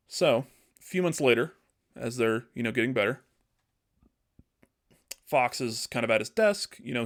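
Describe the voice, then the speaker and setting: A man casually telling a story on a podcast, animated and acting out the characters as he goes. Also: medium pitch. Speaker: podcast host.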